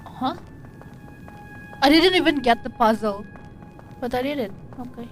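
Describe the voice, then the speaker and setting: A woman's voice: high-pitched, lively intonation, a little slow, faint music behind. A woman streamer giving casual gameplay commentary, jumpy and giggly, easily startled.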